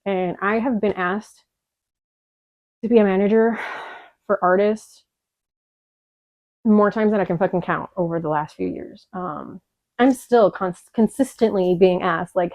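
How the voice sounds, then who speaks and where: A woman's voice: medium pitch, unhurried, long pauses, no echo. A young woman from Chicago telling her story in a candid vlog, emotional and profane, rambling with lots of fillers. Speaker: vlogger. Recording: dull lo-fi dry audio.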